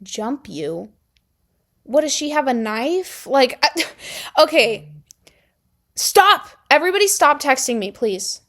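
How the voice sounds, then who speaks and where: A young woman telling a high school story to camera in a rambling, sarcastic way, full of "like" and laughing often. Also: animated, slow, pauses often. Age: young adult. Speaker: vlogger. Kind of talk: casual storytime chat.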